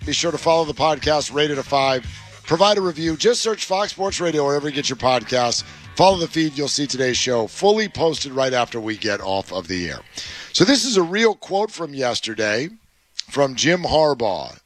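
A man's voice: medium pitch, lively intonation, normal speed, no room sound. A man hosting a sports radio show in a studio, chatting casually and laughing at the clips he plays. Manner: laughing, teasing banter.

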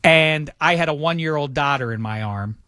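A middle-aged man co-hosting a sports radio show, telling a lively anecdote and acting out the quotes in it. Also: on the high side, moderate pace, no room sound, studio quality. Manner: animated anecdote teller, acts out quotes. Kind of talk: radio banter, storytelling. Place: radio studio. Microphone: studio microphone.

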